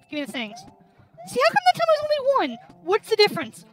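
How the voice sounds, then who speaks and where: A woman host playing a video game while drinking, swearing loudly at the game and muttering complaints between outbursts. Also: extremely high pitch, huge pitch swings, brisk. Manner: loud cursing outbursts at the game; grumbling under her breath between outbursts. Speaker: gaming channel host. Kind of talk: let's play commentary while drinking. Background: game music.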